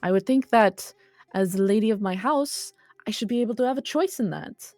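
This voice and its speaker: A woman's voice: mid-range voice, brisk, darkish tone, no room sound, pitched above the performer's own voice, natural voice. A woman voicing Marina, a young noblewoman who speaks earnestly and pleads with her family. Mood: defiant. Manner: earnest, insistent.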